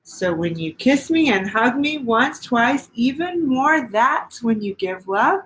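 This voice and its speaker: A middle-aged woman pastor reading a children's picture book aloud, gentle and sing-song, pausing to ask the little ones questions. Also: on the high side, expressive, low-quality recording.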